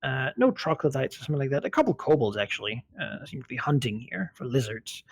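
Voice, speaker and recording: A man's voice: medium pitch, sing-song, fast talker, creaky, slightly rough, dry recording. A man narrating a tabletop game as game master, hesitant and full of fillers.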